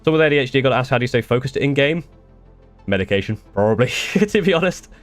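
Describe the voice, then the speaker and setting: A man's voice: medium pitch, expressive, fast talker, soft background music. A young man chatting casually on a live stream, answering viewer questions in a rambling way with restarts and the odd swear. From United Kingdom.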